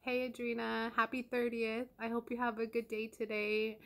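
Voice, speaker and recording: A woman's voice: fairly high pitch, monotone, moderate pace. A woman recording a playful birthday message.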